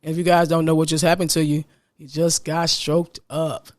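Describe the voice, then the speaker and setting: A man's voice: on the high side, little pitch movement, moderate pace. A man hosting a podcast on his own, talking casually and from the heart, with a smile in his voice and "man" dropped in often. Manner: upbeat, smiling as he talks. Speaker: podcast host. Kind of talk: solo podcast monologue.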